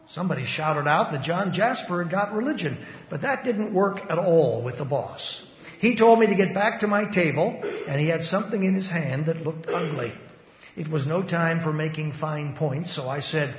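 A man preaching a first-person testimony in a dramatic recitation style, emphatic, swinging between loud and hushed. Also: on the high side, lively intonation, moderate pace. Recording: echoey hall, dull lo-fi sound.

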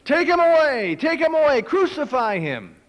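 An angry crowd of priests and officials, as a man reading scripture puts them on, shouting demands in a high, forceful voice. The shouts ring out with a long hall reverb. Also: lively intonation, fairly quick, natural voice.

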